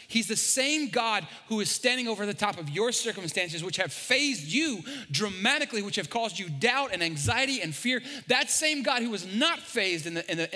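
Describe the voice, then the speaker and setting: A man preaching a sermon as pastor, animated and jokey, stumbling and repeating words. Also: high voice. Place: large church hall. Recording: long hall reverb.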